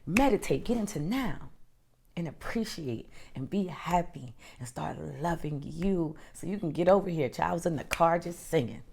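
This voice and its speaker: A woman hosting a podcast, delivering an emphatic, encouraging self-help monologue that swings between loud emphasis and soft, near-whispered lines. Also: fairly low pitch, expressive, normal speed, husky. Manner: emphatic and encouraging, addresses listener as honey and girl. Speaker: podcast host.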